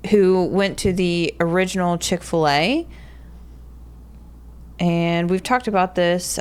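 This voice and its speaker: A Southern woman with a slightly low voice chats on a podcast. She reads facts aloud, stumbles now and then, and laughs easily. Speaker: podcast co-host. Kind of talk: casual chat.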